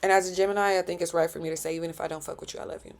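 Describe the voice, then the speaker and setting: A woman's voice: fairly low pitch, steady tone, racing. A woman hosting her own podcast, speaking in a heartfelt, preachy solo reflection full of slang. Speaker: podcast host.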